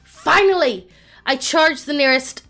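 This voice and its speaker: A woman's voice: sits high, lively intonation, moderate pace, sharp tone, faint music behind. Grumpy male fighter, read by a synthetic woman's voice. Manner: blunt synthetic reading.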